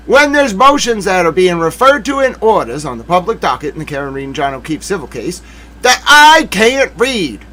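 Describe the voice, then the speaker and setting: A man's voice: high voice, sing-song, moderate pace, pushed and bright. A man hosting a live legal commentary stream, ranting with theatrical mock outrage and talking to himself in asides. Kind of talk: livestream commentary.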